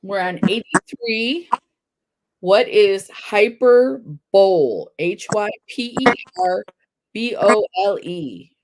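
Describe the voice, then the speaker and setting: A woman's voice: mid-range voice, slow, poor audio. A woman hosting a casual trivia livestream, reading out questions, spelling words and laughing at her own slips. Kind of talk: casual chat.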